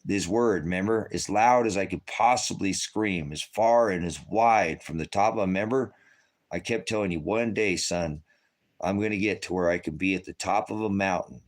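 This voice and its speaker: Older man, deep low voice, rambling emotional sermon, tearful, laughing. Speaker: preacher. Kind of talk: emotional personal testimony.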